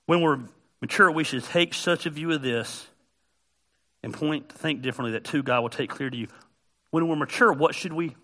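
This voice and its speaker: A middle-aged male pastor giving a conversational, joking sermon that builds to loud, emphatic peaks. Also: a little high.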